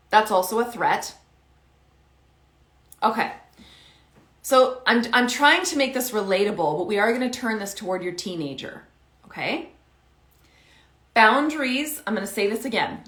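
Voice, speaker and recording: A woman coaching parents in a casual, animated talk, acting out both sides of an everyday conversation. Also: a little high, a little slow, echoey room. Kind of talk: casual teaching talk to camera.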